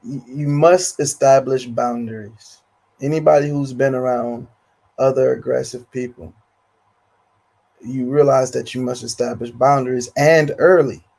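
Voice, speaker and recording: A man's voice: mid-range voice, steady tone, unhurried, creaky, darkish tone. A man speaking emphatically in street slang during a casual panel talk, often repeating words as he starts a point.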